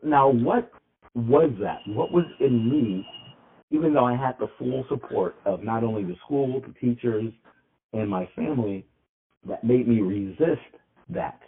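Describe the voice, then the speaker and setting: A man's voice: mid-range voice, measured pace, vocal fry. Man rambling on a tinny line. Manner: rambling, restarts often. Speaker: podcast co-host. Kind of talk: casual podcast chat. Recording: tinny phone-like sound.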